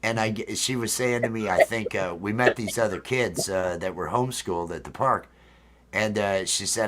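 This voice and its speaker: A man with a fairly low voice talks through a casual livestream story. He rambles and restarts, full of fillers, in a relaxed home setup over a video call. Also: moderate pace, slight background noise. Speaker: host.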